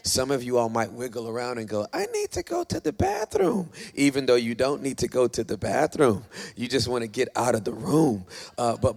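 A man preaching a sermon as pastor, emphatic and urging the audience, often repeating himself. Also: medium pitch. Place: church hall. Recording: echoey hall.

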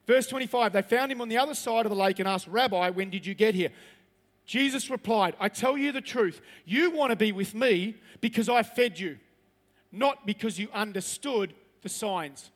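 A man's voice: sits high, moderate pace, long reverb tail. A man preaching a sermon as pastor, reading scripture aloud and then pressing his points with rising emphasis.

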